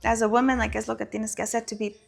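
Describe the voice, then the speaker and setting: Gravelly woman, frank storyteller. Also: fairly high pitch, level tone, very fast. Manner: frank and profane, mixing in Spanish phrases. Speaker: guest. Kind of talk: candid personal storytelling.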